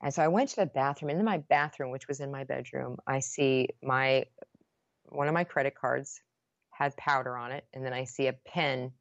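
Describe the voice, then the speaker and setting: Low-voiced woman telling an emotional story. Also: moderate pace, no room sound, lo-fi sound. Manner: emotional, earnest retelling with many restarts. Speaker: podcast guest. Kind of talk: personal storytelling in conversation.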